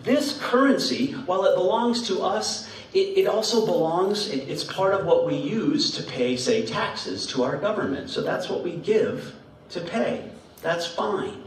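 A man's voice: high voice, lively intonation, unhurried, distant mic, slight background noise. A man giving a children's message in church, playful and laughing as he quizzes the kids with riddles. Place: church sanctuary. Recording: echoey sanctuary heard from afar.

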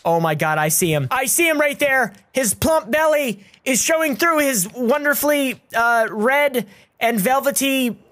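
A man giving crude, goofy commentary while playing a video game, breaking into yells and made-up song lines. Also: very high-pitched, expressive, measured pace. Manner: goofy, crude, yelling in bursts. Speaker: gaming YouTuber. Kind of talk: let's play commentary.

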